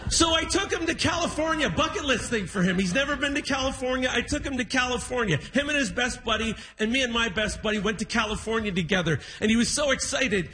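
A man doing a stand-up comedy set on a live stage, an animated storyteller. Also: very high voice, quick pace, hardly any pauses. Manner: animated storyteller, acts out quotes. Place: live stage in a music hall.

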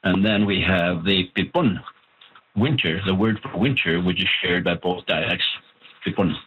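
A man, an author of a language book, giving measured, explanatory interview answers with pauses. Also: low-pitched, slightly rough. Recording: tinny phone-like line.

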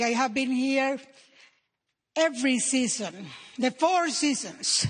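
A Nicaraguan woman with a Spanish accent performing a lively stand-up comedy set on stage, playful and punchy. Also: sits high, slow pace, a faint crowd. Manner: animated, playful, chants and shouts punchlines. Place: comedy stage before a live audience.

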